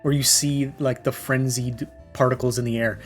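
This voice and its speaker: A man's voice: medium pitch, level tone, normal speed, soft background music. Young guy ranting casually on a podcast, opinionated, lots of likes and ums. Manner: opinionated, critical, rambling with fillers. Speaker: podcast co-host. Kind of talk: casual chat.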